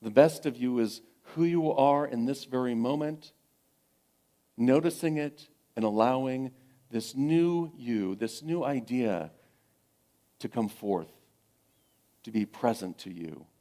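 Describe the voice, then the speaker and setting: Gentle middle-aged man preaching a sermon. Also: medium pitch. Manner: gentle, repetitive encouragement with frequent pauses. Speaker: pastor. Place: spiritual center sanctuary.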